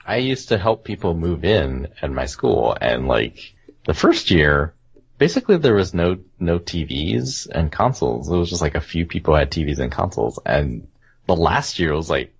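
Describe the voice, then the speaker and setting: A man's voice: very deep voice, big pitch swings, moderate pace, husky. A man hosting a casual gaming podcast, rambling and laughing often. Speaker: podcast host. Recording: dull lo-fi podcast audio.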